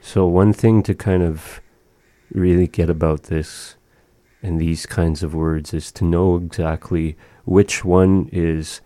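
A man's voice: low-pitched, steady tone, slow, mellow, dry recording. A man teaching words and phrases of a language, patiently explaining grammar to a learner.

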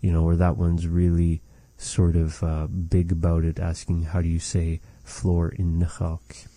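A man's voice: deep voice, completely flat delivery, warm tone, no room sound. A man teaching phrases of a language in a patient, repetitive lesson. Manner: slow, patient, repeats phrases for practice.

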